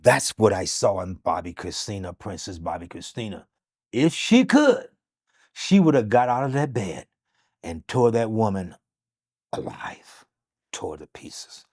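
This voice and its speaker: Animated man telling a story. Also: on the low side, normal speed. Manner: animated, repeats phrases, acts out quotes. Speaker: interview guest. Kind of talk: emotional storytelling.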